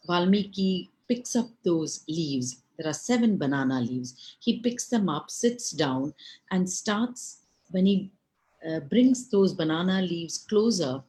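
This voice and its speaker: Slow, low-voiced woman storyteller. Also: rough recording. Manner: unhurried, expressive, addresses listeners with asides. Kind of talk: oral folk storytelling.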